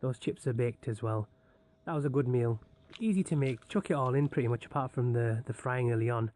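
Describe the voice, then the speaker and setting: A man's voice: mid-range voice, a little fast, a little mellow. A young man narrating his home cooking with a jokey, self-mocking running commentary, recorded on a handheld camera in a kitchen. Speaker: home cook vlogger.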